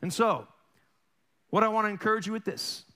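A male pastor preaching a sermon in a church, animated and conversational, acting out little family exchanges in quoted voices. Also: high-pitched, a little fast. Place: church sanctuary.

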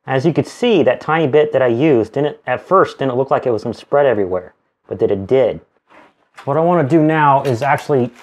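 Man explaining a hands-on build. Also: mid-range voice. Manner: explains steps plainly while working. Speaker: channel host building a PC. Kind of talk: casual hands-on tutorial.

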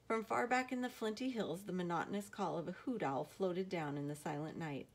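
A woman narrating a novel aloud in a steady, measured storytelling manner. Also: lowish voice. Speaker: audiobook narrator.

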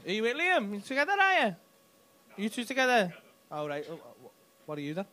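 Cheeky comedian teasing the crowd. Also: male voice, high voice, wildly swooping pitch, brisk, pushed and bright. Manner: cheeky, teasing, swears a lot, talks to the audience. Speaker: stand-up comedian. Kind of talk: crowd work banter. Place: comedy club stage. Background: faint audience laughter.

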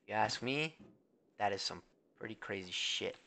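A man streaming a video game, reacting excitably, swearing a lot and talking to his chat. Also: lowish voice, normal speed, gravelly. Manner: talks to chat and thanks followers. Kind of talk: live gameplay commentary. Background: faint game music.

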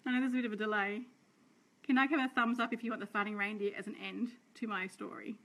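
An Australian woman, a sales director, chatting and rambling warmly to her team on a live stream. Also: medium pitch, fairly even intonation, fast talker. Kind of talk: live-stream talk to viewers.

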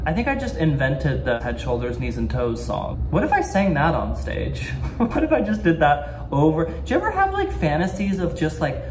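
A man's voice: fairly high pitch, a little hiss or hum. A young man talks straight into the phone he holds close, vlogging from a rental apartment. His delivery rambles and doubles back. Nerves and self-deprecating humor run through it. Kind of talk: casual late-night vlog to camera. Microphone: phone held close.

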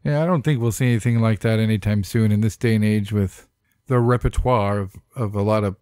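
A man's voice: on the low side, steady tone, brisk, a little mellow, clean tone, no echo, studio quality. A man co-hosting a podcast in casual chat, swearing freely and cracking jokes. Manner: heavy casual swearing, wisecracking. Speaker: podcast co-host.

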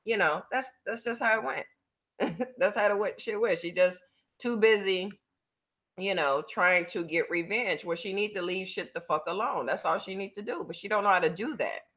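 A woman's voice: medium pitch, moderate pace, a bit bright. A woman hosting her own channel, giving blunt, profane, mocking commentary in a casual chatty style. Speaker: channel host.

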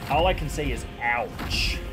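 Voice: medium pitch, lively intonation, measured pace. Panicky gamer with game music behind. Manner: panicky, exclaims and repeats himself. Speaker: gaming video host. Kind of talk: live gameplay commentary.

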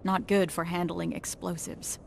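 A woman's voice: lowish voice, level tone, unhurried, creaky, a little hiss or hum. An actress playing a blunt, profane young female resistance soldier in a video game. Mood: subdued, grieving. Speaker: soldier, explosives specialist. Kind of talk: video game cutscene acting.

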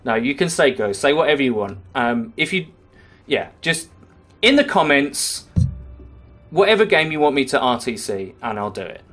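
A man's voice: mid-range voice, big pitch swings, fairly bright tone, faint music behind. A young man giving sarcastic, swearing commentary over his own gameplay as a gaming YouTuber. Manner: sarcastic, swearing, quick to rage and laugh. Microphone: webcam-recorded gaming setup.

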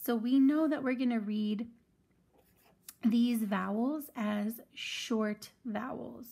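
Slow, patient woman teaching phonics. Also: fairly high pitch, vocal fry, mellow. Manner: slow, patient, sounds out words carefully. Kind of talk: phonics lesson for children.

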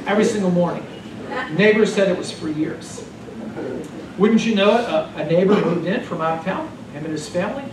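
Animated male pastor preaching, echoey hall. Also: sits high, brisk. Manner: animated storytelling. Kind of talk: sermon. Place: church sanctuary. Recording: echoey church hall, distant mic, noisy.

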